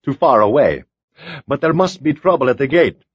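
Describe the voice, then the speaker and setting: A man's voice: mid-range voice, lively intonation, moderate pace, slightly rough, dry recording, muffled recording. A man narrating an audiobook, voicing an alert man keeping watch. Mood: tense.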